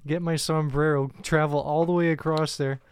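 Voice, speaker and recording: A man's voice: a little high, little pitch movement, moderate pace, smooth, dry recording. A man co-hosting a casual comedy podcast, rambling and profane, often laughing through his own stories. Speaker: podcast co-host.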